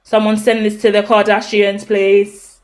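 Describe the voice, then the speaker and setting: A woman ranting in a casual vlog, emphatic and swearing, swinging between loud outrage and low muttered asides. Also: completely flat delivery, measured pace. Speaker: tarot reader reacting to celebrity news. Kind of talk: impassioned casual rant.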